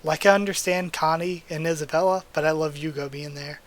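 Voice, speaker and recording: A man's voice: fairly high pitch, fairly even intonation, brisk. Emotional man gushing over a manga. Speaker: manga readthrough host. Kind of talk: casual reading and commentary.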